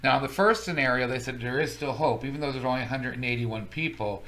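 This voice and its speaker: A man's voice: medium pitch, quick pace, sharp tone. A man co-hosting a casual talk show, wryly explaining figures from a study. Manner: wry, explains study results. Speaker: podcast co-host. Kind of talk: casual chat.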